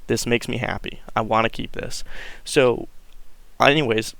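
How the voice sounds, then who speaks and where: A man's voice: on the low side, fairly even intonation, measured pace, gravelly, a bit bright, clear, resonant tone, dry recording. A man casually telling a long personal story, rambling with many fillers and restarts and acting out what people said. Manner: rambling, full of fillers and restarts, acts out quotes.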